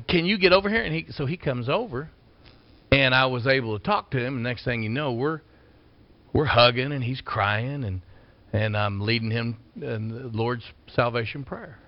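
A man preaching a folksy storytelling sermon, swinging from loud bursts to quiet asides. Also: medium pitch, normal speed. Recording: dull lo-fi sound.

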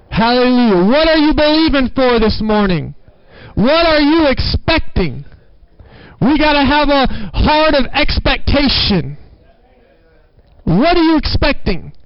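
A man's voice: very high voice, dry recording, dull audio. A man preaching a sermon at a church service, fervent and exhorting the congregation with call-and-response.

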